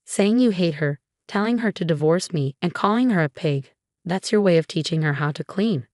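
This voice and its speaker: Firm, protective young husband, voiced by a woman reader; earnest, low-pitched, dry. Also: lively intonation, normal speed, darkish tone, no echo, natural voice. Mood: stern.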